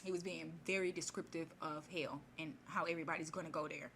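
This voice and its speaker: A woman's voice: low voice, steady tone, fast, a bit bright, slight background noise. A woman casually retelling a fairy tale in her own words, rambling and chatty, with many restarts. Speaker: storyteller.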